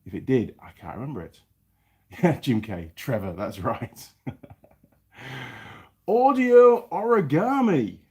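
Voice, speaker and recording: A man's voice: fairly low pitch, slow pace, pauses often, slightly rough. A man hosting a casual live stream from his home workshop, chatting away and greeting viewers by name. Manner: chatty, reads viewer names aloud with lively greetings. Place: home workshop in New Zealand.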